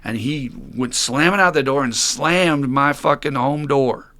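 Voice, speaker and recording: A man's voice: mid-range voice, a little slow, sharp tone. A man hosting a podcast about recovery, speaking bluntly, swearing freely and telling stories from his time as a sponsor. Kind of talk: candid podcast conversation.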